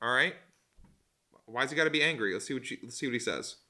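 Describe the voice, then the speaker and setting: Animated, bright-voiced youth pastor. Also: male voice, mid-range voice, fast talker. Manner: animated, joking, conversational with fillers. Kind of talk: casual Bible lesson.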